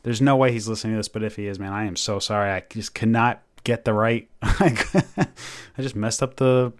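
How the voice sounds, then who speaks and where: Man, podcast co-host, casual chat, slightly low voice, animated, laughs often. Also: a little fast, clear, resonant tone.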